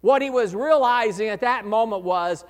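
A man preaching a sermon as pastor, earnest, swelling to loud emphasis and dropping low again. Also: normal speed. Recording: echoey hall reverb.

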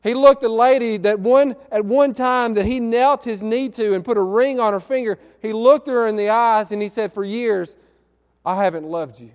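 A man preaching a sermon, telling a story in an earnest way and drawing out key words slowly. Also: very high voice, fairly even intonation, clean tone, in a large hall. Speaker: pastor. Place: church sanctuary.

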